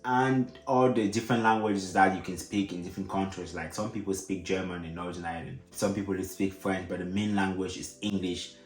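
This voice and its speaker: A man's voice: low-pitched, fairly even intonation, fairly quick, few pauses, reverberant, faint music behind. A man with an African accent, explaining things to viewers in a casual, repetitive way with frequent fillers. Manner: casual, repeats himself, many fillers. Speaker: vlogger.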